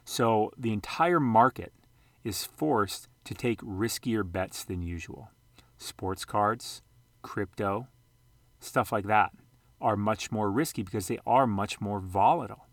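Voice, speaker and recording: A man's voice: fairly low pitch, takes it slowly, no room sound. A man casually walking through charts for his channel, rambling and correcting himself with joking asides. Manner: rambling, self-correcting, jokey. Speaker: sports card and investing vlogger. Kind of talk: casual screen-share commentary.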